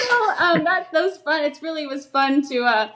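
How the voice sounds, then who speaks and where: A woman's voice: high voice, animated, moderate pace, fairly bright tone. A woman guest chatting casually about voice acting, chatty and giggly. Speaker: podcast guest, voice actor. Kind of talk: casual chat.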